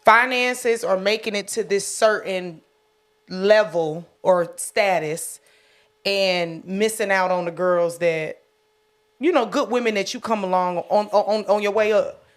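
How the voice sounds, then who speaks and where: A woman's voice: mid-range voice, a little slow. A woman co-hosting a podcast in candid, profane casual chat, laughing often. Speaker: podcast co-host. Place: podcast studio.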